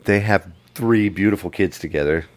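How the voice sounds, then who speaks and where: A man's voice: low-pitched, moderate pace. A man co-hosting a casual movie podcast, rambling through the plot with self-mocking jokes. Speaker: podcast co-host.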